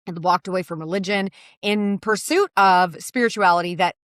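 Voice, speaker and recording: A woman's voice: medium pitch, normal speed, dry recording, clean studio sound. A middle-aged woman hosting a podcast, talking candidly in a casual confessional monologue, swearing and laughing often. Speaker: podcast host.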